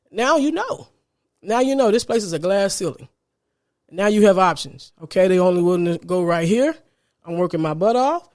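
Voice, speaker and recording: A man's voice: sits high, darkish tone. A man hosting a podcast, giving a casual motivational monologue, earnest and repetitive, often ending phrases with "man". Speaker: podcast host.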